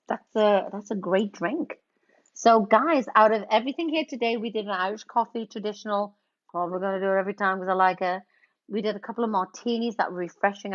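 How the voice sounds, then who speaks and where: A middle-aged woman casually chatting and greeting viewers while she mixes cocktails on a livestream. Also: mid-range voice. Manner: chatty, playful, reads out viewer names. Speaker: livestream bartender host. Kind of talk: casual livestream chat while mixing drinks. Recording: dull lo-fi stream audio.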